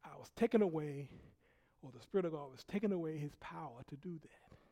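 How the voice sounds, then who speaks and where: A man preaching a sermon, telling a personal story in an animated way, laughing often and dropping from loud bursts to hushed quiet. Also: a little high, brisk. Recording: long hall reverb.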